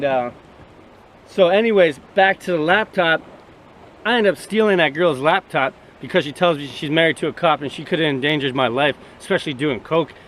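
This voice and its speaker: A man's voice: on the high side, fairly bright tone, a little hiss or hum. A man telling a crude story in a rambling, swearing, casual way to his vlog camera outdoors by the sea. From Canada. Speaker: vlogger.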